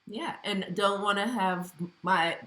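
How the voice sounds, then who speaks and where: A woman from Honduras co-hosting a casual conversation, animated and acting out what other people say. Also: mid-range voice, takes it slowly, roomy sound. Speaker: co-host.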